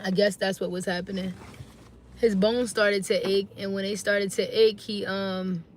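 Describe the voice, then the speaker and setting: A woman's voice: medium pitch, steady tone, a little slow, a little hiss or hum. A tired woman talking casually to viewers on a phone live stream, chatty and slangy, greeting them again and again. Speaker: livestreaming mom.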